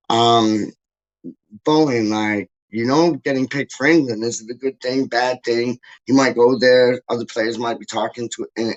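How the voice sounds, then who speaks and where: A man hosting a casual fan livestream at a medium pitch, excitable and loose. He talks in slang, drops "dog" and "yo" all the time, and keeps stumbling over his own restarts. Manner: slangy, says "dog" and "yo" often, many restarts; hyped and excitable. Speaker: football fan channel host.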